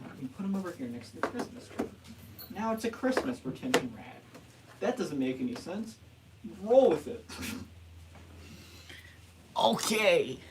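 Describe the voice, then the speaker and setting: A man's voice: fairly high pitch, noisy background. A man hosting a casual livestream, rambling and joking at his own expense, laughing and restarting often. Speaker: livestream host.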